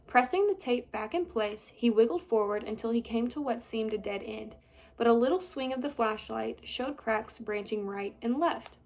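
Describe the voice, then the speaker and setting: A woman in her twenties reading a children's chapter book aloud in a steady, clear way. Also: fairly high pitch, normal speed. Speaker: storybook reader. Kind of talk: children's story read-aloud.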